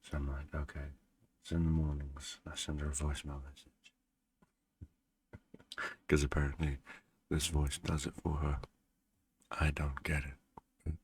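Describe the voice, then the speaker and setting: A man hosting a gaming channel, chatting casually in a vlog with a deep, groggy morning voice, short on sleep and rambling with dry asides. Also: flat delivery, normal speed, long pauses, a little mellow, slightly rough.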